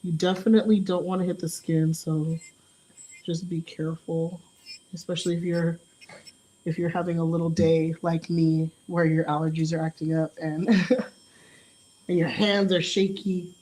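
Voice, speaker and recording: A young woman gives a live nail art demo, chatting with viewers in a relaxed way. Her voice is on the low side and unhurried, and she laughs easily when she makes small mistakes.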